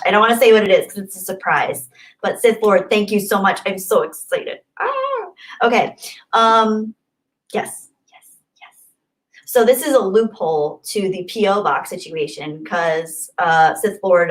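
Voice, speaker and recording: A bubbly young woman hosts a casual livestream and chats warmly with her viewers. She gushes over their messages in a mid-pitched voice and thinks aloud as she scrolls. Her talk is excitable and loose, with lots of thanks. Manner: chatty, thinks aloud while reading the chat. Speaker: livestream host. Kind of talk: casual live chat, reading super chats.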